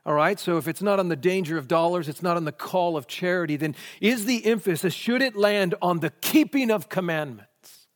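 A man's voice: high-pitched, moderate pace, few pauses, big-room sound. A man preaching a sermon, posing question after question before answering them emphatically.

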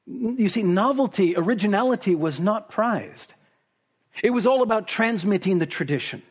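Preacher, male, slightly high husky voice, emphatic expository delivery. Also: animated, moderate pace. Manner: emphatic, rising to forceful peaks on repeated phrases. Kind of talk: expository sermon.

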